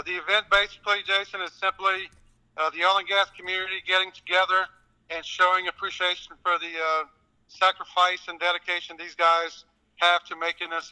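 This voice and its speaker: Louisiana guy, high sharp bright voice, polite, lots of uh pauses, smooth radio sound. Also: poor audio. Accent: South Louisiana. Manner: polite, relaxed, many filler pauses. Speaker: guest, contractor. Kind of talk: phone interview.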